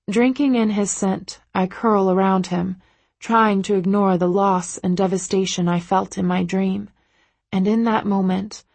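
Woman, audiobook narrator, first-person, intimate, slow, breathy, dry studio sound. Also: medium pitch, darkish tone, dry recording.

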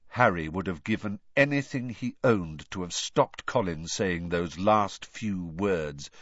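A man reading a story aloud with expressive, varied narration. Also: low voice, a little slow, few pauses, no echo, muffled recording. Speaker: audiobook reader.

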